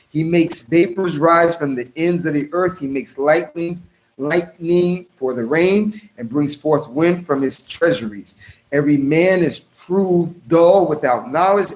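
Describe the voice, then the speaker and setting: Preacher, male, slightly raised pitch; reads verses and comments on them with emphatic, slowed-down stresses. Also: poor audio. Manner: emphatic, slows down to stress key phrases, talks straight to listeners. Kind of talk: scripture reading with commentary.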